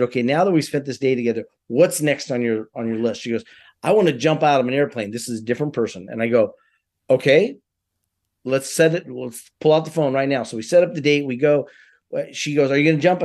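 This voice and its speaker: A man's voice: mid-range voice, a little fast. A man telling a personal story in casual conversation, acting out the quoted voices of the people in it. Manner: animated, acts out quoted voices.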